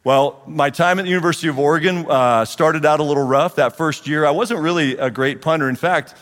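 A man in his forties, a guest speaker at a church men's group, gives a storytelling testimony and acts out the dialogue with lively energy. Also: fairly high pitch, fairly quick. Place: church hall. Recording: long reverb of a large hall.

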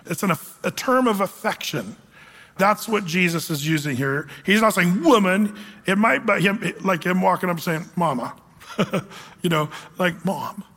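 Male pastor with a high voice, lively, humorous preaching, recorded in a church sanctuary with long reverb. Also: normal speed. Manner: conversational, animated preaching with humor. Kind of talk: sermon.

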